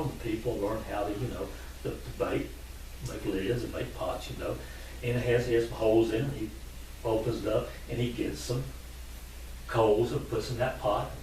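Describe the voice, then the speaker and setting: Chatty male storyteller in an echoey hall. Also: mid-range voice. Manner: chatty, animated, asides to the audience. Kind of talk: live folk storytelling to an audience. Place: meeting hall. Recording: echoey room from far off, faint noise.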